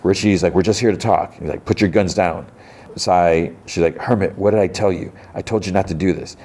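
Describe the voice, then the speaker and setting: A man with a low, deep voice recaps a show in a loose, rambling way. He piles on fillers and acts out the characters' lines as he goes. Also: a little fast, darkish tone. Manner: rambling retelling full of fillers and quoted lines. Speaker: podcast host. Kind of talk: casual episode recap.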